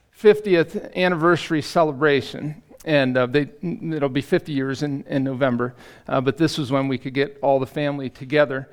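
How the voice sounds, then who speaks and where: A middle-aged man preaching as a pastor in a church, halting and self-deprecating, with many fillers and restarts. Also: fairly high pitch. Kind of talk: sermon. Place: church sanctuary.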